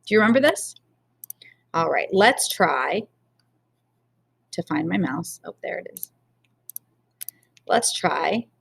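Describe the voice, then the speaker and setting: A woman's voice: fairly low pitch, animated, slow, creaky, long pauses, fairly bright tone, husky. Woman math teacher, patient and encouraging, addressing young students in a recorded lesson.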